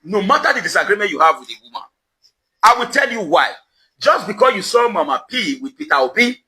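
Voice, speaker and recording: Outside his home compound, a Nigerian man known for social media commentary rails at the camera, confrontational and accusing, driving his questions home through repetition. He is very animated and brisk, with a high, bright, forceful voice, and the recording is rough.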